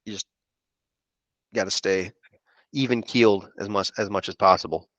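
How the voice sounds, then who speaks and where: His deep, steady voice has a fairly bright tone and moves at a moderate pace as this insurance producer rambles through a podcast story, performing others' remarks. No room sound is audible.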